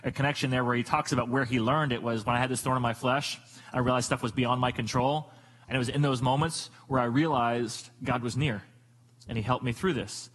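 A middle-aged man preaching a sermon in an animated, joking storytelling manner. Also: brisk, slightly rough, low-quality recording. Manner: animated, jokey storytelling with sudden pitch jumps. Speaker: pastor.

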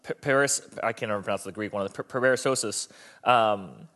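A man's voice: lowish voice, brisk, a bit bright. A man preaching a conversational, joking sermon, often restarting his sentences mid-thought. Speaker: pastor.

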